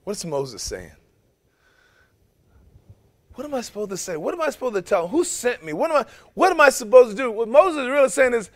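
A man's voice: extremely high pitch, big pitch swings, fairly quick, pauses often. A man pastor preaching a sermon, emphatic and full of rhetorical questions to the congregation.

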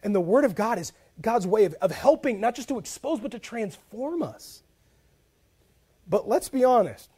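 High-voiced pastor preaching animatedly. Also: male voice, normal speed, husky. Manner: animated, swings between soft asides and loud emphatic bursts; conversational, with frequent "like" and repeated starts. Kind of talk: sermon with humorous storytelling.

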